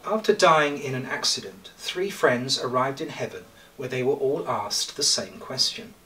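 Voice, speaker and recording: Man, priest, sermon, measured with pauses and light humour, bright tone, recorded from a distance. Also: medium pitch, expressive. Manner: measured preaching with jokes and pauses. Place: church.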